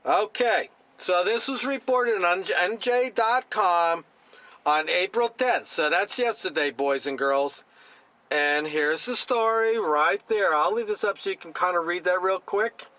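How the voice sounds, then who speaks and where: A man's voice: high-pitched, unhurried, pushed and bright, dry recording. A middle-aged man from New Jersey ranting straight to camera, blunt and scornful, with a lot of repetition. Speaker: vlogger.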